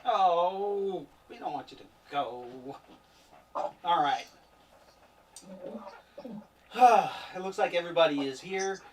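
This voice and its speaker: A man's voice: sits high, expressive, takes it slowly, pauses often. A man in his forties hosting and running a streamed tabletop game, easygoing and joking with his players. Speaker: game master and stream host. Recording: distant mic with faint noise.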